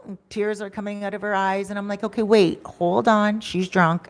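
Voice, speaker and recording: A woman telling a story to camera in a chatty vlog, acting out what people said, into a microphone. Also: medium pitch. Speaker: storytime vlogger.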